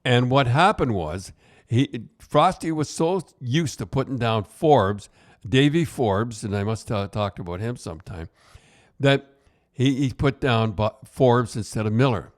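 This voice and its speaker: A man's voice: medium pitch, animated, measured pace. An older man, a podcast host and retired hockey coach, telling casual stories in a rambling way with many restarts. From Canada. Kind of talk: casual storytelling.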